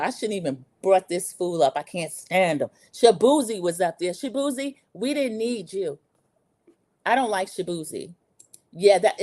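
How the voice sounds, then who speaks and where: A woman's voice: on the low side, mellow. A middle-aged American woman hosting a livestream, chatting casually and bluntly about her opinions while reading viewer comments. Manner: blunt, opinionated, candid storytelling. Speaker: livestream host.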